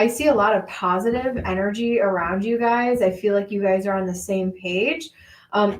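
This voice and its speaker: Woman, tarot reader on a live stream, mid pitch, loose and reassuring, echoey room. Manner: casual, reassuring, hesitant with many fillers.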